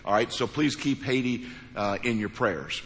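Folksy pastor in a reverberant hall. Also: male voice, medium pitch, moderate pace. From Missouri, USA. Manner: folksy storytelling, emphatic repeated phrases. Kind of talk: sermon with a joke. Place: church sanctuary. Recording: large hall with long reverb.

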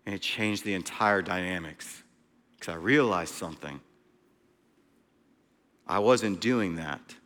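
A male preacher delivering a sermon, emphatic, swinging between loud and hushed delivery. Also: sits low, takes it slowly, pauses often, big-room sound.

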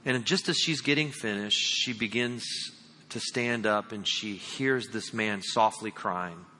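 A man's voice: fairly low pitch, a little slow, pushed and bright. A male pastor telling a story in his sermon and speaking earnestly and directly to the congregation. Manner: earnest, direct address to listeners. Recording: long reverb of a large hall.

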